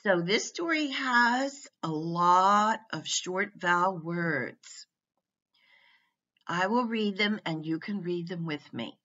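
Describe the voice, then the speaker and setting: A woman teaching a phonics lesson, sounding out words one at a time with clear emphasis. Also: lowish voice, lively intonation, takes it slowly, sharp tone. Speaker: reading teacher. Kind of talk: slow, deliberate phonics lesson. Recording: muffled lo-fi recording.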